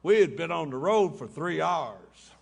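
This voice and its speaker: A man's voice: on the high side, animated, measured pace, vocal fry, slightly rough. Folksy man telling funny stories. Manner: folksy, drawling, laughing at his own jokes. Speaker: recovery meeting speaker. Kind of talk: humorous storytelling talk. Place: large hotel ballroom.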